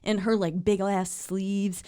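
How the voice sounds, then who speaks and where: A woman's voice: mid-range voice, little pitch movement, slow pace, mellow, clean tone. A woman co-hosting a podcast, chatting casually and enthusiastically, swearing freely and acting out quotes. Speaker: podcast co-host. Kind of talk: casual chat recapping a film.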